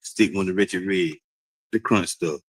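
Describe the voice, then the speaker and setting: A man with a deep, slightly rough voice talks at a normal speed to his stream audience. The livestream chat is casual, animated, repetitive and preachy, with frequent laughs, and the recording is rough with no echo.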